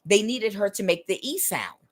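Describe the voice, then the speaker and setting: A woman's voice: mid-range voice, sing-song, normal speed. A woman hosting her own spiritual channel, talking earnestly and emphatically in a casual monologue. She keeps checking that the listener understands. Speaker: tarot reader and spiritual channel host.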